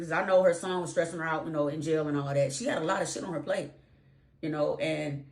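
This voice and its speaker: A woman's voice: low voice, fairly even intonation, fast. A woman telling a personal story casually, with emphatic repetition and slang. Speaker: vlogger.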